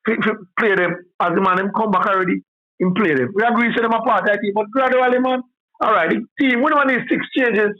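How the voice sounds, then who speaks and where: A man's voice: high-pitched, a little fast. A man with a Jamaican accent calling in to a sports show, rambling in heavy patois. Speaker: caller. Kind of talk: casual phone-in chat. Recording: tinny phone line.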